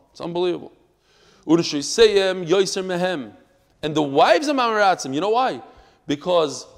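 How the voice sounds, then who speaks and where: Speaking with emphatic animation, a man teaches a daily Talmud class to a live group, telling stories and blending Hebrew and Yiddish terms into his English. His voice sits high, and the audio has a big-room sound.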